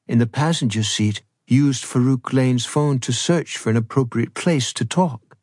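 A male audiobook narrator with a husky, slightly breathy voice at a medium pitch. He tells the story in a measured, even way. The recording is close and dry. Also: no room sound. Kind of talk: scripted narration.

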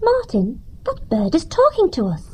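Man doing a young girl mouse in a storybook; high falsetto, lively melody. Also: moderate pace, heavily acted, poor audio. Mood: earnest. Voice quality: high falsetto, sing-song. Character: bright young female mouse.

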